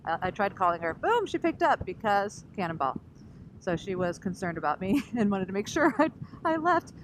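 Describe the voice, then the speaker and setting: A woman's voice: medium pitch, moderate pace. A woman vlogger telling a story casually and with energy, acting out what other people said. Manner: animated, acts out other people's lines. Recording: noisy recording with vehicle sounds.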